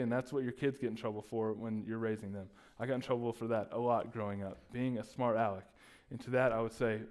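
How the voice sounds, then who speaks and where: A man's voice: fairly low pitch, fairly quick. A man preaching a sermon, acting out the disciples' lines as he retells the story. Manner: animated, acts out the disciples' voices. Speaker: pastor.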